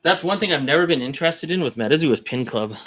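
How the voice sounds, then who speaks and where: A man's voice: on the high side, lively intonation, quick pace, a bit bright. A man rambling in casual live-stream chat, thinking aloud as he browses card listings. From Canada.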